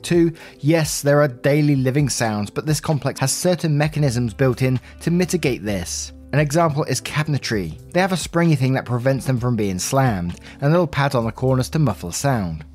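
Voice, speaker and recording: A man's voice: mid-range voice, animated, moderate pace, hardly any pauses, a little mellow, soft background music. A man hosting a channel, casually reading aloud online stories about neighbours in a chatty, friendly way.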